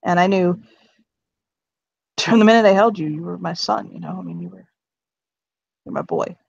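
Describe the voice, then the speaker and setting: A woman playing a halting, tender middle-aged father. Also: high-pitched, creaky, dull audio, heavily acted. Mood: earnest, tender. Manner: halting, stammering, heartfelt. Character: earnest middle-aged father talking to his son.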